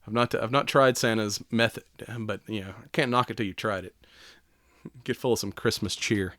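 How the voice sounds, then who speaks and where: A man's voice: lowish voice, normal speed, fairly bright tone. A man co-hosting a casual podcast chat, laughing often, swearing freely and acting out quotes. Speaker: podcast co-host.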